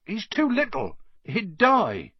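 A man putting on a huge gentle gamekeeper who talks softly and dotes on his pet, his husky voice swooping in a lively way. The storybook reading sounds dull and dry. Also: high voice, slow, no room sound, pitched above the performer's own voice, exaggerated voice. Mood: pleading. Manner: soft, murmuring, pleading. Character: huge gentle male gamekeeper, doting and soft-hearted.

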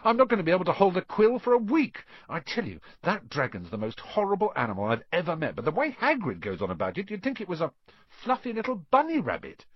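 A man putting on a young boy who rattles off complaints quickly in a raised, lively voice. A husky tone on a dry, dull recording. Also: high-pitched, no room sound, voice pushed up, exaggerated voice. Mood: complaining. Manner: complaining, muttering, fast. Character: grumbling, quick-talking eleven-year-old boy.

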